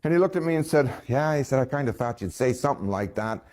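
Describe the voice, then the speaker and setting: A man's voice: medium pitch, fast. Man telling a folksy personal story. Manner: folksy, chuckling, quoting others in lively voices.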